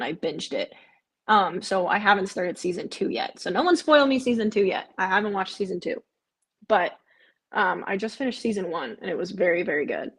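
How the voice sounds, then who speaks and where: Speaking in a medium-pitched, slightly rough voice, a woman hosts a live stream and chats casually during a watch-along. She answers comments from viewers, frequently using "um" and repeating phrases.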